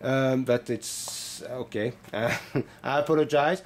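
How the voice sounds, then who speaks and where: A man's voice: mid-range voice, slow, a little hiss or hum. French-accented bootmaker explaining his classes. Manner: earnest, apologetic, hesitant with many fillers. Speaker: bootmaking instructor. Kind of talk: explaining classes in a promo walkthrough.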